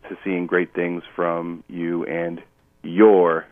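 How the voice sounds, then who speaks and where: A man co-hosting a casual podcast chat, rambling and halting with many fillers, heard over a tinny phone line. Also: sits low, little pitch movement, dry recording. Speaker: podcast co-host.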